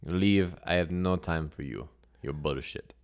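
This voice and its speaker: A man voicing a gruff, dismissive carnival strongwoman in a tabletop game, blunt and menacing. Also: deep voice, a little slow.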